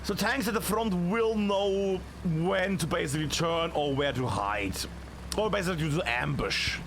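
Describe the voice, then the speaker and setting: A man casting a tactical shooter match solo, chatty and excitable, shouting on big plays. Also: fairly high pitch, normal speed, background noise. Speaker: esports caster. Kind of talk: solo play-by-play commentary.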